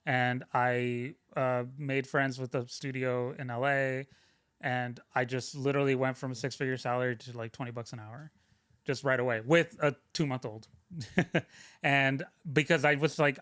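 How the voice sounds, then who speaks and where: A man's voice: medium pitch, fairly even intonation, moderate pace, a bit bright, clear, resonant tone, dry recording. Rambling male guest, dry close sound. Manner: loose, rambling, lots of fillers and restarts. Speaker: guest, film sound mixer. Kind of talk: casual interview storytelling.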